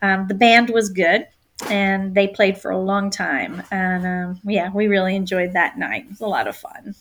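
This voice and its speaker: A woman who is a travel agent guest, in casual chat, talking freely with many filler ums and pauses to search for words. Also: mid-range voice, a bit bright.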